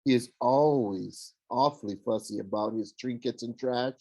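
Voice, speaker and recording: A man's voice: mid-range voice, moderate pace, mellow, close to an everyday voice. A man voicing a dramatic, swooning goddess of love in an audiobook, gushing and theatrical. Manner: gushing, theatrical, sing-song. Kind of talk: audiobook character voice.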